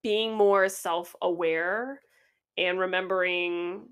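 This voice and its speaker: Woman in her 30s on a podcast, chatty and blunt, cusses casually, thinks out loud. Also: on the low side, fairly even intonation, slow pace, clean tone. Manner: frank, swears casually, thoughtful asides. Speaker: podcast co-host. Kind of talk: casual chat.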